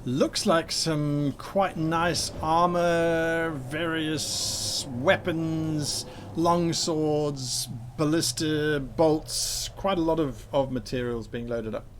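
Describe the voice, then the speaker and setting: A man narrating a tabletop game as game master, describing scenes in a relaxed way with fillers. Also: fairly high pitch, very slow, a little hiss or hum.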